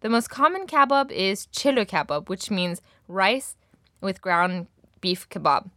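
Woman language teacher, lively up-and-down delivery, dry close sound, clear slow modelling of words. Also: medium pitch, dry recording. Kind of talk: language lesson.

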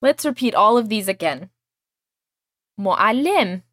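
A woman leads a language lesson, explaining each word and having her student repeat after her. Her pitch moves a lot as she talks. The recording is dry and close. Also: animated, measured pace, fairly bright tone, no echo. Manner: patient, explains and drills phrases. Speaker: language teacher.

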